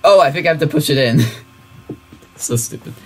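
A young man giving excitable, rambling commentary as he plays a computer game. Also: on the high side, fairly quick. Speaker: gaming youtuber. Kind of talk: casual let's-play commentary.

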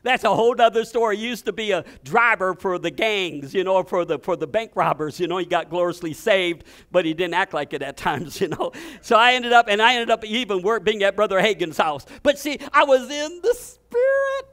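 A man's voice: sits high, brisk, a bit bright. A male pastor preaching a fervent storytelling sermon, often repeating and restarting his words.

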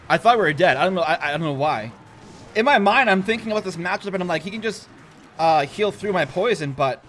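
A young man talks through a mobile game match in a chatty, self-mocking way and laughs often. His voice sits a little high and swoops up and down with lively energy. Faint music plays behind him. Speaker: gaming YouTuber. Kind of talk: casual gameplay commentary.

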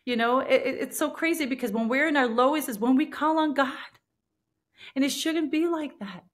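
A woman's voice: high voice, brisk. A woman guest on a podcast telling her personal faith testimony in an earnest, emotional way, often restarting her sentences.

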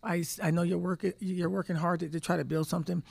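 Gravelly-voiced woman coach, emphatic. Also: on the low side, level tone, fast talker, a little mellow. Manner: emphatic storyteller, repeats words while thinking. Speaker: head basketball coach. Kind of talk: press conference answers.

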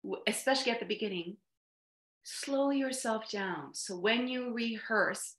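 A woman presentation coach talks through a video call, slowing down on purpose and leaning on key words. Her voice sits at a middle pitch. The room around her rings with a noticeable echo. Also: a bit bright. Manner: deliberate, slows down and stresses key words. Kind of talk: online workshop talk.

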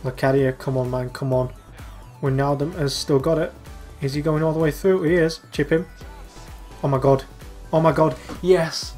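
A man's voice: fairly high pitch, fairly even intonation, normal speed, long pauses, a little mellow, soft background music. A young man commentating live over a football video game, exasperated and urging his players on. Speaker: gaming YouTuber.

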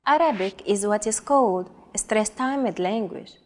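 A woman co-hosting a language lesson, saying example words slowly and clearly for learners to repeat. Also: mid-range voice, darkish tone. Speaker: co-host and pronunciation model. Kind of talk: slow model pronunciation for repetition.

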